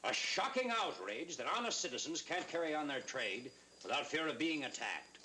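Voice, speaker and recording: A man's voice: a little high, big pitch swings, normal speed, noisy background. An actor playing a pompous, indignant townsman who declaims in a 1940s Western film. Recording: old film soundtrack with music.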